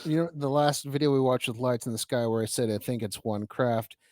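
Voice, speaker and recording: A man's voice: mid-range voice, a little fast, a little mellow, dry recording, studio quality. A man cohosting a podcast in casual, joking chat, laughing often. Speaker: podcast co-host.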